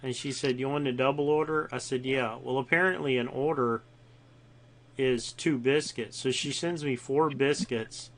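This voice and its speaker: A man's voice: medium pitch, steady tone, moderate pace, fairly bright tone. Laid-back man telling a food story. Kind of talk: casual voice chat.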